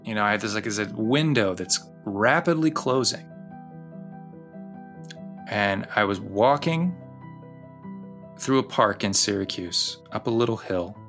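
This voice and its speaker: A man hosting a podcast, narrating a personal story in an intimate, confessional way and slowing down on key phrases. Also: on the low side, lively intonation, fairly bright tone, faint music behind. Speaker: podcast host. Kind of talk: personal narration over music.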